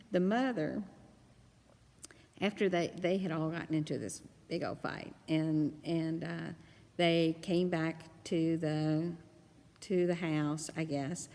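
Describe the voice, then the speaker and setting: A woman's voice: on the low side, vocal fry, dark tone. A middle-aged woman, rambling through a casual reflective monologue with many restarts and fillers. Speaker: blogger and podcast host. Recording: long reverb.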